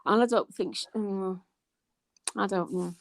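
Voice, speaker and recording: A woman's voice: mid-range voice, brisk, gravelly, dry recording. A woman, a guest on a live chat show, talking in an exasperated way and swearing freely. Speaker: guest commentator. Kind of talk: casual live-stream chat.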